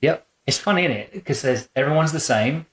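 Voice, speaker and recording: A man hosting an interview as a boudoir photographer, chatting in a warm, rambling way in his photo studio, full of fillers and restarts. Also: a little high, animated, fairly quick. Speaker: boudoir photographer and podcast host. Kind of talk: relaxed conversational interview.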